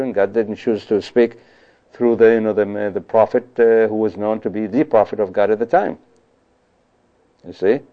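A man's voice: fairly low pitch, lo-fi sound. A man preaching a sermon in a loose, conversational way, with many asides and rhetorical questions. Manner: conversational, frequent "you know" and "you see".

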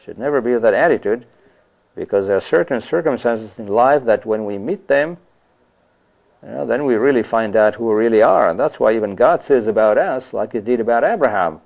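A man's voice: lowish voice, vocal fry, highs cut off. A man giving a conversational sermon on scripture, often adding "you see" and "you know". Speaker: preacher.

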